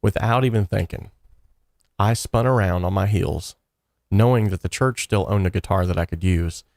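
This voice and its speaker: A man with a low, deep voice recounts a personal story in a lively way. He slips into the voices of the people he quotes as he goes. The sound is close and dry, with no room echo. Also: normal speed.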